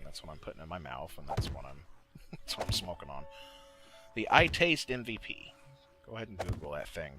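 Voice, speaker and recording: Male gaming creator, deep voice, bright tone, lively swings in pitch, loose and profane, faint music underneath. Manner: rambling, profane, frequent fillers and self-corrections. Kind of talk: casual voice-over commentary. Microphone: desktop mic, voice-over recording.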